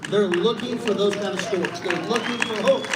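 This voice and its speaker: A man's voice: high-pitched, normal speed, a loud crowd. A middle-aged man speaking as a network marketing speaker at an event, giving a motivational stage talk, acting out quoted voices and repeating key lines. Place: large event hall. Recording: echoey hall, distant mic, noise.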